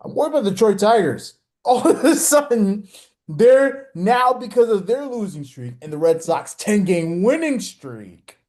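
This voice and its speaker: A man's voice: high voice, big pitch swings, measured pace, darkish tone. A man hosting a casual sports podcast, rambling and hesitant with many restarts. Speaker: podcast host.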